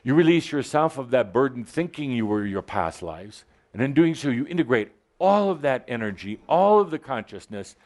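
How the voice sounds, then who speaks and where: A man's voice: medium pitch, very animated, normal speed, few pauses, a little mellow. A man giving a spiritual channeling talk to a live audience, playful and teasing as he exhorts them.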